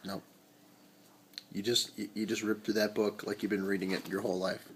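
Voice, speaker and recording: A father talking casually at home in a home video, encouraging his child with quick bursts of praise. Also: fairly low pitch, little pitch movement, fairly bright tone, a little hiss or hum.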